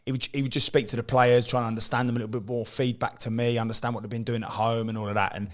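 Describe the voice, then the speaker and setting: A man's voice: medium pitch, little pitch movement, very fast. A man in his forties, a former footballer co-hosting a casual podcast chat, telling rambling stories full of repeated words and restarts.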